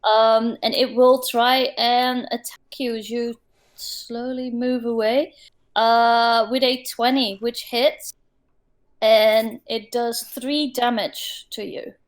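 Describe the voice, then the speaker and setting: A woman running a tabletop game as game master over an online call, narrating scenes vividly with hesitant pauses. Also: a little high, little pitch movement.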